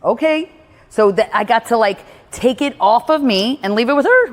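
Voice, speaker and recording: A woman's voice: fairly high pitch, expressive, normal speed. Blunt woman coaching with hall reverb. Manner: blunt and emphatic, swears freely. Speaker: personal growth speaker coaching a listener. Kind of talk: candid one-on-one advice talk.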